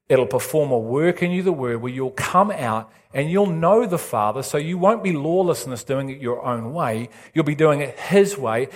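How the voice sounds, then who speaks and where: A man preaching a sermon with urgent intensity and emphatic repetition. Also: a little high.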